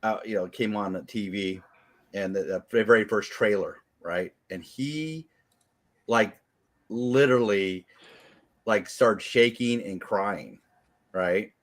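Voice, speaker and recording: A man's voice: lowish voice, slow pace, pauses often. A man in his thirties, a podcast co-host, rambling through a parenting story and tagging his lines with "right?". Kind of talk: casual chat, storytelling.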